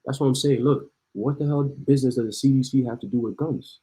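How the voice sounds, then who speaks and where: A man's voice: medium pitch, fast, mellow, poor audio. A man preaching in heated commentary on the news, reading articles aloud and then ranting. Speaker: online preacher.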